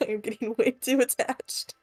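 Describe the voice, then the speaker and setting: Female player, higher voice, excitable, quick to laugh, dry close sound. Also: no echo. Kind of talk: casual chat at a game table.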